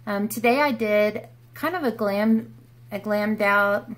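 Woman, beauty vlogger, casual makeup chat, bubbly, rambling, slow delivery. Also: mid-range voice, a little hiss or hum. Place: her room at home.

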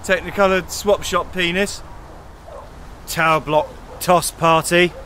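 A man's voice: high voice, fairly even intonation, slow pace, a little hiss or hum, exaggerated voice. A man playing a drunk, dishevelled businessman in a park, hurling slurred, belligerent insults. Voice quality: slurred, belligerent, shouting bursts.

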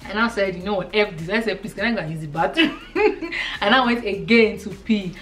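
A woman in her thirties from Nigeria with a Nigerian accent, telling a lively storytime vlog and acting out the dialogue. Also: mid-range voice, brisk, recorded from a distance. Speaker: vlogger.

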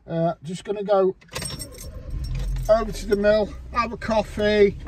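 A man's voice: high-pitched, steady tone, unhurried, darkish tone, a little hiss or hum. A man with a Scouse accent talking casually to camera while driving, rambling and swearing a lot as he jokes with his viewers. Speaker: vlogger. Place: in a car, driving. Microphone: camera mounted on car window.

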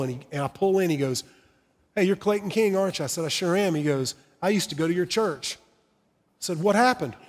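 A man's voice: sits high, big-room sound. A middle-aged man preaching a sermon in church, telling personal stories in an earnest, heartfelt way. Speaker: pastor. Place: church sanctuary.

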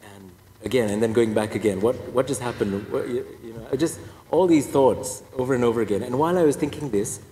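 A man's voice: mid-range voice, fast talker, few pauses, dark tone. A priest giving a personal testimony talk, telling his story with wry, self-deprecating humor. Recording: echoey hall reverb.

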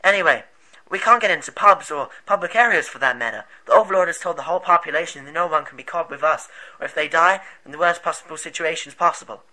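A man's voice: on the high side, fast, bright, forceful tone, poor audio. A man playing an earnest, rambling rebel leader. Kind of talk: amateur movie voice acting.

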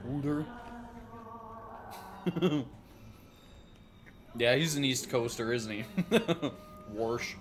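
A man's voice: mid-range voice, very slow, long pauses. A man streaming live in a casual chat, playful, drawing words out and laughing often.

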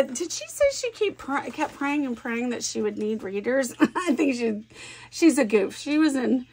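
Chatty crafting vlogger, a woman with a slightly high voice, animated and giggly, a faint hum of room ambience. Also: a little slow. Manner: chatty and animated, thinking aloud, laughs often. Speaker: scrapbooking vlogger. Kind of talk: casual chat while crafting.

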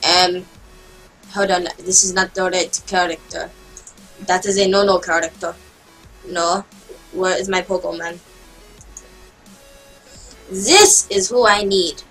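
A woman giving casual gameplay commentary as a channel host, excitable and self-mocking, with quick outbursts. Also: lowish voice, faint music behind.

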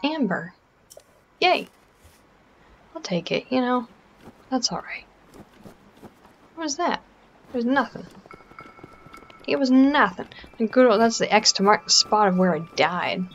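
A woman's voice: fairly high pitch, expressive, measured pace, long pauses, lo-fi sound, slight background noise. A Canadian woman giving casual, self-mocking commentary over a video game, often dropping to a whisper while sneaking. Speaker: let's play gamer.

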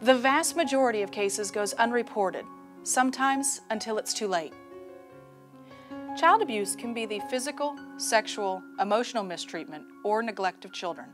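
A woman narrating an awareness message in a measured, serious manner. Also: fairly high pitch, animated, over music.

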